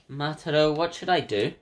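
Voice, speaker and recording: A man reading the lines of a sweet, apologetic schoolgirl who hides a darker side, in a soft, clingy manner. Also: a little high, measured pace, pitched above the performer's own voice, lightly acted. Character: sweet, apologetic schoolgirl senpai, secretly unstable. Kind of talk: reading game dialogue aloud.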